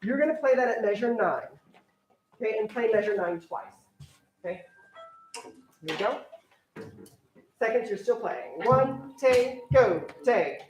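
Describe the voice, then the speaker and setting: A young woman orchestra teacher directing a string rehearsal, briskly counting off and coaching her players. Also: fairly high pitch, lively intonation, far from the mic, background noise. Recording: echoey room, voice from afar, strings playing.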